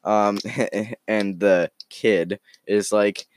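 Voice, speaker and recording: A man hosting a podcast, chatting casually and telling an improvised story in a rambling, joking, halting way. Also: deep voice, fairly even intonation, clear, resonant tone, dry recording. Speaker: podcast host.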